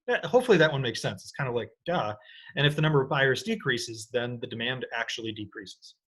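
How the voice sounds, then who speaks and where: A man teaching an economics lecture in an energetic, playful way, often checking in with his students. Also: mid-range voice, a little fast, breathy edge. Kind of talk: recorded lecture.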